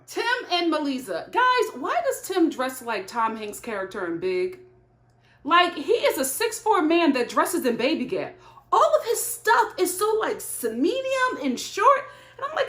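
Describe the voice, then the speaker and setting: Woman host, lively recap commentary, raised pitch, roomy echo. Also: moderate pace. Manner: animated, laughing, gossipy asides.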